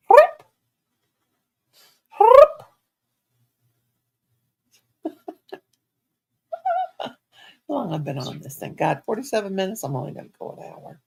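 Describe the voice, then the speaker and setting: A woman's voice: fairly low pitch, vocal fry, dark tone, slight background noise. A woman chatting casually at home on her livestream, talking to herself and cooing at her pets in baby talk. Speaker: livestream host.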